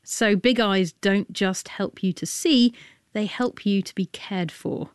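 A woman hosting a science radio programme, chatty and playful with quick asides. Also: mid-range voice. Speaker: radio science show host. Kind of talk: lively radio presenting.

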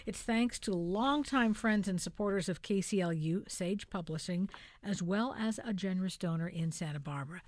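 A woman's voice: on the low side, moderate pace, dry recording. Upbeat woman radio host, dry studio. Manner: upbeat, chatty, laughs easily. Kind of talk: pledge drive on-air appeal.

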